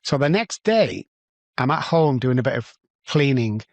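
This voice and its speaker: A middle-aged man from Manchester, England, tells his life story as a podcast guest, animated and acting out what people said. His mid-range voice is a little mellow, with vocal fry and big pitch swings, at a normal speed with no echo.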